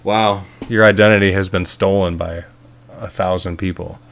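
Male co-host with a deep, smooth voice, deadpan quips. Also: normal speed. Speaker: podcast co-host. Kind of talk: casual podcast chat.

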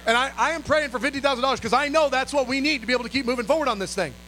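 A male pastor telling a story in an animated, dramatic sermon style. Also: very high-pitched, racing, a little hiss or hum, low-quality recording.

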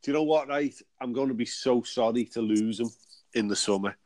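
A man in casual banter, crude and quick to laugh, with a mid-pitched voice. He speaks over a remote call on a dry, close line with no room sound. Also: a little mellow, no room sound. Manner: jokey, crude, laughs often.

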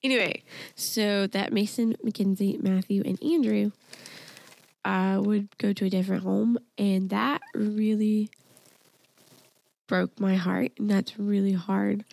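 A woman's voice: medium pitch, fairly even intonation, unhurried, gravelly, darkish tone, no room sound. A young woman chatting casually and telling a long personal story, with plenty of fillers and restarts. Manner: rambling storytelling with many fillers. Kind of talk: casual chat.

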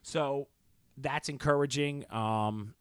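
A man's voice: mid-range voice, slow pace, clean tone, dry recording. A man co-hosting a sports podcast, giving his opinions in long runs with frequent restarts. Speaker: podcast co-host. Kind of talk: casual sports talk.

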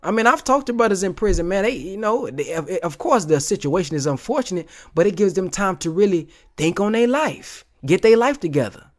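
A man's voice: high-pitched, animated, a little fast, hardly any pauses. Emphatic slangy man commenting on clips. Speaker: video commentator. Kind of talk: casual motivational commentary.

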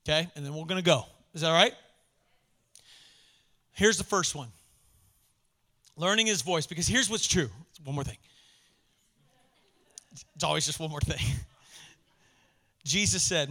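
Male pastor, high bright voice, preaches with casual warmth and sudden emphasis. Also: unhurried, long pauses. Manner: passionate, conversational preaching, swings from soft to emphatic. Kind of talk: sermon.

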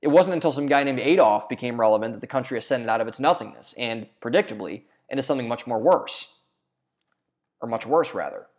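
A man's voice: mid-range voice, expressive, fairly quick, darkish tone. A man narrating a scripted video essay in an earnest reading manner, now and then stumbling and restarting a phrase.

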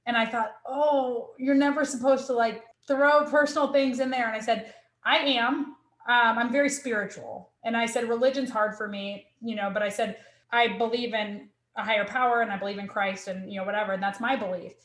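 Guest spot: earnest female academic, a bit high-voiced, roomy echo on the recording. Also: steady tone, fairly quick, fairly bright tone. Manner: earnest, emotional, with many restarts. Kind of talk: candid personal storytelling.

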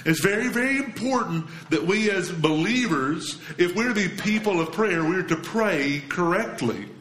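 A man preaching a sermon as a pastor, his voice set a little high for a man. He speaks with earnest emphasis and turns quiet and low for the scripture lines. The sound carries a roomy echo around him. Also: expressive, measured pace.

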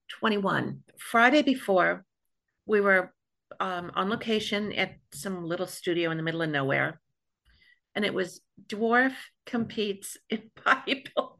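A woman from New York hosts a casual podcast chat with a gravelly, creaky edge to her voice. She tells stories in a chatty way and breaks into laughter often. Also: mid-range voice, a bit bright. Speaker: podcast host.

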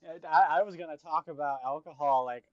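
A man's voice: on the high side, fairly quick, no echo. A young man co-hosting a casual podcast, blunt and swearing a lot. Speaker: podcast co-host. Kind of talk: casual chat. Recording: dull lo-fi sound.

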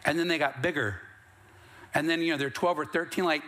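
Preaching man with a higher voice. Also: fairly even intonation, brisk, pushed and bright. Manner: preaching with rising bursts of emphasis; plain, conversational storytelling. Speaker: pastor. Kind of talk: sermon. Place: church sanctuary.

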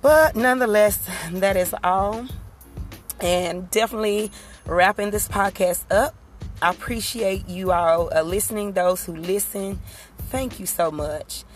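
A woman talks through a casual solo podcast in a middle-pitched voice. She keeps checking in with her listeners through rhetorical asides. Faint music plays softly behind her. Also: a little slow. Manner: conversational, rhetorical asides like "you understand?". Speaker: podcast host.

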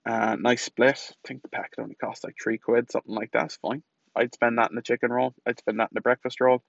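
A man's voice: medium pitch, level tone, fast, creaky, no echo, highs cut off. A young man hosting a podcast, telling a casual, self-mocking, sweary story about his day. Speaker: podcast host. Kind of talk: casual diary-style monologue.

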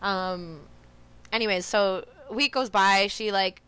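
A woman's voice: mid-range voice, fairly even intonation, a little slow, a bit bright, smooth. A young woman on a remote call, casually and candidly telling a personal story, swearing freely and acting out what others said. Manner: candid, swears freely, acts out quoted voices. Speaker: podcast guest.

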